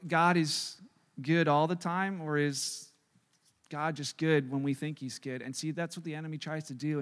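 Pastor guy preaching, kinda high voice, big echoey church hall, animated, does little voices. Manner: animated, acts out quoted voices, swings loud and soft. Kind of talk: sermon.

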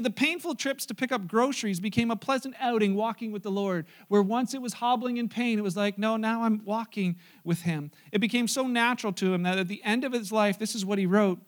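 A man pastor delivering a conversational sermon, mixing stories and humor with plain teaching. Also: high-pitched. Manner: conversational preaching with asides and humor.

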